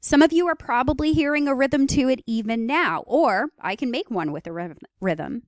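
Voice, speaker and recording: Clear-voiced woman giving a lecture. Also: sits high, expressive, fairly quick, no echo. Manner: explanatory, with fillers and vocal demos of rhythms. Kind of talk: recorded lecture.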